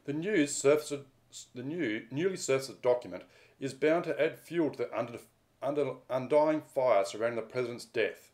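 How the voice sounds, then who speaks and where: A man's voice: medium pitch, normal speed, darkish tone. A co-host with a mid-range voice reads out odd news stories in a dry, mock-dramatic way, stopping for banter as he goes. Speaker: podcast co-host. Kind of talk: reading news items aloud in a casual chat.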